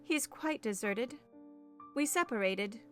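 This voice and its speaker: A woman's voice: a little high, expressive, slow, faint music behind. A woman reading as a passionate, headstrong young woman in an audiobook, speaking in an impassioned, declamatory way. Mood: indignant.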